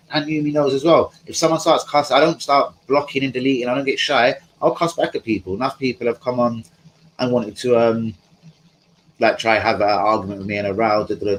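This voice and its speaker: A man's voice: medium pitch, slight background noise, rough recording. A man hosting a live stream from home, chatting casually in a rambling, slangy way and talking to his viewers. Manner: rambling, slangy, talks to chat.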